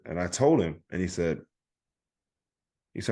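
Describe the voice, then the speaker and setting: A man's voice: deep voice, expressive, moderate pace, a little mellow. A man co-hosting a podcast, telling a story in casual chat and acting out the other people's lines. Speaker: podcast co-host.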